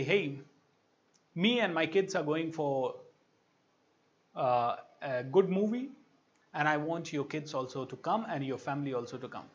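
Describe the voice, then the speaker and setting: A man's voice: fairly high pitch, a bit bright, muffled recording. An Indian man giving a motivational talk as a coach, telling stories animatedly and acting out quoted voices. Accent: Indian English.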